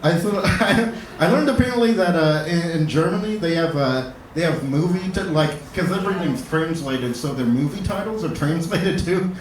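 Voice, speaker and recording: A man doing a stand-up comedy set on a club stage, talking in a halting way with lots of fillers and restarts. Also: fairly high pitch, lively intonation, slight background noise. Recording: roomy club, distant mic, loud audience.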